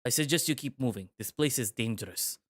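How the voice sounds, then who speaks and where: A cold, suspicious middle-aged eagle who wants strangers gone, read by a man. His lines come short and dismissive, in a plain, mid-pitched voice. It sounds like a storybook reading. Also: expressive, fairly quick, a bit bright, dry recording, clean studio sound. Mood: curt. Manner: curt, dismissive delivery.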